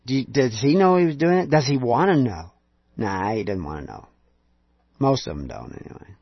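A man's voice: mid-range voice, sing-song, moderate pace, gravelly, husky, no room sound. A man preaching an emphatic lecture, full of rhetorical questions and sarcastic asides, on a dull lo-fi recording.

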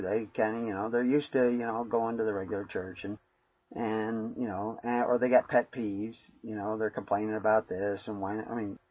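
A man's voice: lowish voice, breathy edge, no room sound, highs cut off. A man giving a rambling, conversational sermon full of fillers. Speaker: preacher. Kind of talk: informal sermon.

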